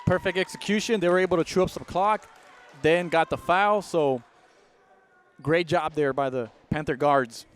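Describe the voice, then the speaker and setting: A man providing color commentary on a basketball game, relaxed and analytical with some filler words. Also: a little high, moderate pace, clear, resonant tone.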